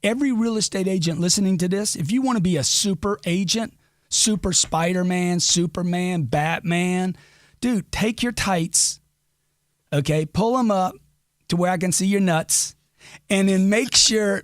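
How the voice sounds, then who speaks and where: A man's voice: high voice, no room sound, studio quality. Brash, emphatic middle-aged man. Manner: brash, emphatic, crude motivational talk. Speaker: guest. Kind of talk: podcast interview.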